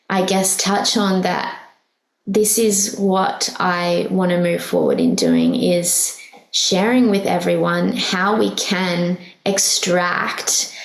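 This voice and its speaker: A woman hosts a casual spiritual podcast, delivering an earnest, heartfelt monologue packed with fillers and restarts, getting emotional and softly laughing at herself. Her voice is lowish with vocal fry, and the rough recording sounds reverberant.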